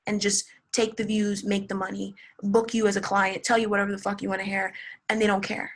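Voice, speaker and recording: A woman's voice: mid-range voice, little pitch movement, fairly quick, a bit bright. A young woman giving a casual tarot reading, blunt and swearing, repeating words for emphasis. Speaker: tarot reader.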